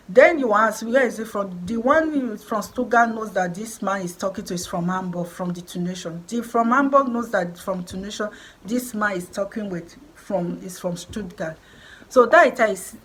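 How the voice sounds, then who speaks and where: A woman's voice: medium pitch, poor audio. Emphatic Nigerian woman vlogger. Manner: emphatic, repetitive, preaching tone. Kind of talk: encouraging vlog talk.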